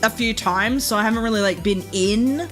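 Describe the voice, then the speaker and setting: A young Queensland woman with an Australian accent chats casually on a live stream, rambling, giggling often and using lots of fillers. Her voice is a little high and fairly bright, her pace moderate, with faint music in the background.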